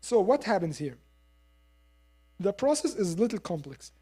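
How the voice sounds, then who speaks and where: A woman teaching Quran recitation in a lesson, explaining step by step and modelling the sounds slowly with repeats. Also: mid-range voice, very animated, warm tone, husky. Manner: explains step by step, asks listeners to agree. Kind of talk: classroom lesson.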